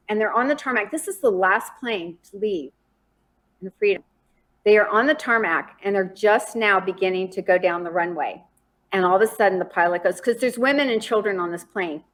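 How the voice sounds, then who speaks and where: A woman guest on a podcast, telling a story in an animated, dramatic way. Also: mid-range voice.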